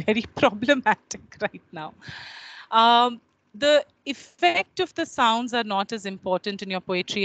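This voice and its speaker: A woman's voice: medium pitch, fairly bright tone, low-quality recording. A woman with an Indian English accent teaches a class over a video call. She explains step by step in a patient, teacherly way and often stops to check that her students follow. Her speech is full of uh and um fillers. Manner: explanatory, with frequent checking questions. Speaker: lecturer. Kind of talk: online class lecture.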